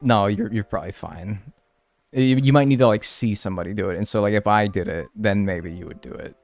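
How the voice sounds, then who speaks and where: A man's voice: lowish voice, fairly quick, a little mellow, no room sound. A man streaming a video game, chatting with his viewers in a loose, slangy way and saying "dude" and "like" often. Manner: laid-back, slangy, says "dude" and "like" a lot, reads and answers chat. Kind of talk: casual live-stream chat over gameplay.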